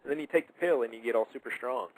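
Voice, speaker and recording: Fast-talking, rambling male host. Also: mid-range voice, rough recording. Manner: rambling, enthusiastic, quick. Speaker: radio show host. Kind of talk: casual chat.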